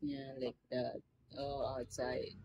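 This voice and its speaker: Filipino woman, low voice, slow talk, broken English, emotional, hot and worn out, dry close sound. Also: level tone, warm tone, highs cut off, a little hiss or hum. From Philippines. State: overheated from the heat. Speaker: vlogger. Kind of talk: casual vlog chat. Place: simple rural home in the tropics.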